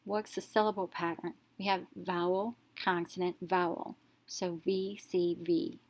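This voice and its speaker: A woman teacher narrating a reading lesson, explaining each step slowly and clearly in an instructional voice-over. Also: on the low side, flat delivery, a little mellow.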